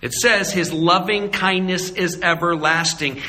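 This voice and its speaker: A man preaching a sermon, animated and acting out little voices and jokes. He grew up in Arizona. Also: a little high, a little slow, in a large hall. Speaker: pastor.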